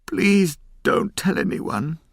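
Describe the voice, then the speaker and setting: A man's voice: animated, takes it slowly, no room sound, studio quality. A man voicing Aunt Rosa, frantic village woman. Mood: pleading. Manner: pleading, crying out in high strained tones. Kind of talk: audiobook character reading.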